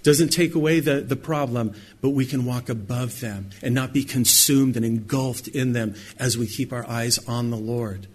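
A middle-aged man preaching a sermon, acting out quoted lines with sudden high, loud bursts. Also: normal speed, hardly any pauses, breathy edge. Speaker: pastor.

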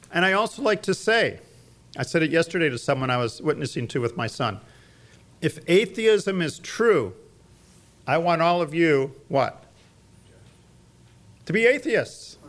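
A man's voice: a little high, a bit bright. A middle-aged man teaching a church class on evangelism, emphatic, quizzing his audience with fill-in-the-blank questions.

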